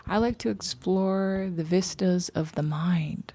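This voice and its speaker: A woman chats casually to her livestream viewers from outdoors. Her voice sits low and gravelly, with a mellow, dark tone. She rambles freely and often slips into breathy whispered asides. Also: measured pace, few pauses, slight background noise. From Canada. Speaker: livestream host. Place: outdoors in morning sun.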